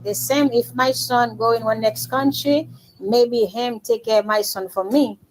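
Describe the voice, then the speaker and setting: A woman's voice: a little high, steady tone, unhurried, a little hiss or hum, poor audio. A woman with a Haitian Creole accent hosting a casual livestream, answering viewer comments in broken English mixed with Creole. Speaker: livestream host.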